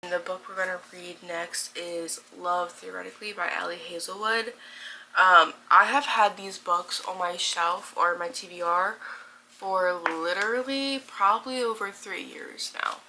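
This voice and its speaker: A woman's voice: fairly low pitch, steady tone, a little slow, pushed and bright, slight background noise, poor audio. A woman in her twenties talking casually in a reading vlog, chatty and gushing with many fillers. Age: 20s. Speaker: book vlogger.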